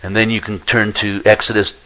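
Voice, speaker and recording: A man's voice: lowish voice, flat delivery, fairly quick, bright, forceful tone, rough recording. A man pastor teaching a sermon, explaining Bible verses and telling stories in a conversational way.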